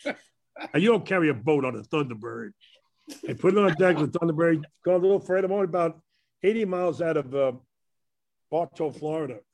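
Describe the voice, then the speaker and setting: Speaking fast but with long pauses, this older Brooklyn-accented former ballplayer tells rambling tales about his past on a panel, laughing at his own stories as he goes. The storytelling is casual. His voice is fairly high and a little mellow, with lively intonation.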